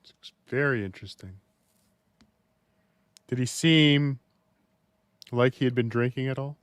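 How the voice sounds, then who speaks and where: A man's voice: mid-range voice, unhurried, clear, resonant tone, no room sound. A man asking probing questions in a dry, mock-serious interview manner.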